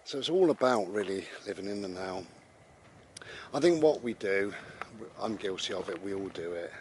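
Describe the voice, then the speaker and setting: Low-voiced British man musing casually. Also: expressive, moderate pace, slight background noise. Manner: rambling, conversational, with repeated restarts. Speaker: vlogger. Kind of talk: casual spoken reflection on mindfulness. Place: outdoors while walking his dog.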